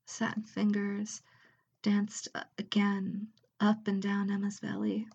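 Breathy, slow-reading woman narrator. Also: medium pitch, monotone, lo-fi sound. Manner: soft, slow, often whispered. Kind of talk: intimate audio story reading.

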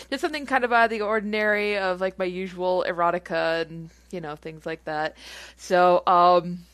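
A woman's voice: lowish voice, a bit bright, no echo, clean studio sound. A woman chatting casually as she answers listener questions. She rambles with lots of fillers and giggles. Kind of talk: casual chat.

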